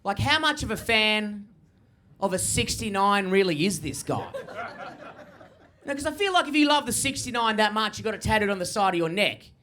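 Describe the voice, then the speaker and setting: A young adult man with an Australian accent performing a stand-up comedy set, high-energy, brash and full of swearing. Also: very animated, normal speed, bright, forceful tone.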